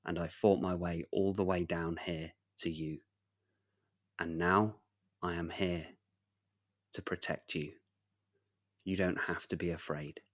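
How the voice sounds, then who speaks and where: A man voicing a weary, gentle knight in a spoken story, talking in a calm, hushed and reassuring way. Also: sits low.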